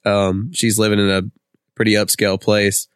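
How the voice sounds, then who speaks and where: A man's voice: fairly low pitch, flat delivery, moderate pace, clean tone, dry recording, studio quality. A man co-hosting a casual podcast, easygoing and hesitant, with many fillers. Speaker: podcast co-host. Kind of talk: casual chat.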